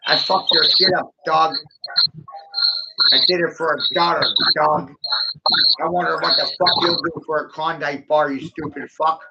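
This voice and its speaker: Gravelly, high-voiced man ranting aggressively. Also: measured pace. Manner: aggressive, mocking, taunting, profane. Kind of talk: solo taunting rant to camera. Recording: muffled lo-fi audio with steady background noise.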